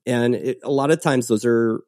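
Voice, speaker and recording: A man in the middle of his range hosts a relaxed podcast chat. He tells stories with energy and slips into quoted voices. The sound is dry and close to the mic. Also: medium pitch, normal speed, no echo. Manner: animated storytelling, acts out quotes. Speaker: podcast host. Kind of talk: casual podcast conversation.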